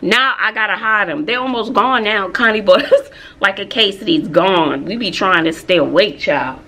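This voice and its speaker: A woman's voice: medium pitch, moderate pace, slight background noise. A woman, chatting casually in a vlog. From Texas, USA. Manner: chatty, animated storytelling with asides. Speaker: vlogger and teacher.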